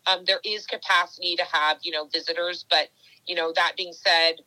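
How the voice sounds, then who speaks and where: A woman's voice: lowish voice, steady tone, normal speed, bright, forceful tone, no echo, rough recording. A woman obstacle racer chatting casually in an interview, rambling with many fillers and restarts. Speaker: obstacle race athlete.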